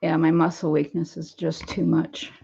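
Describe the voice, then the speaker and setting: An older woman talks slowly in a lowish, gravelly voice, rambling from one thing to the next as she films around her home. She laughs easily, and the phone audio is dull and lo-fi. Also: completely flat delivery, warm tone. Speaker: vlogger. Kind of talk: casual chat. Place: at home, then out in the yard.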